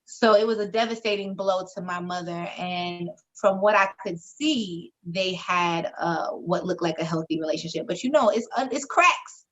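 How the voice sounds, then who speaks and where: A woman, co-hosting a podcast and telling a candid story in a frank, expressive way, swearing freely and acting out the voices she quotes. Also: lowish voice, moderate pace, hardly any pauses, rough recording. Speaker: podcast co-host.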